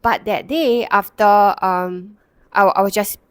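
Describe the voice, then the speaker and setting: A woman's voice: medium pitch, fairly even intonation, slow, no echo. A woman, a counsellor and Reiki practitioner, telling a personal story to the camera in a reflective way, with many fillers and restarts.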